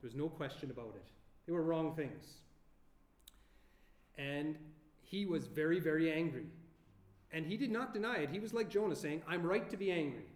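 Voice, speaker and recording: Male preacher, fairly high voice, earnest and emphatic, recorded in a roomy hall. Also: expressive. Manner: earnest, rhetorical questions, slow emphatic pauses. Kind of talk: sermon. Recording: echoey room.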